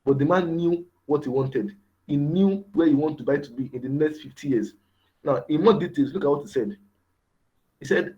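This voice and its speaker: A man's voice: a little high, moderate pace, warm tone, soft background music. A man giving a motivational mentorship lecture, repeating key words and asking rhetorical questions. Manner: rhetorical questions, repetitive emphasis. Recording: dull lo-fi recording.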